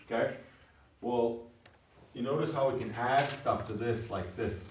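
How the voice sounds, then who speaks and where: A mid-range male voice at a measured pace teaches a language class, explaining words step by step. He keeps checking that students follow by repeating things like "you know what I mean?" Background noise is present, and the classroom recording sounds echoey and distant.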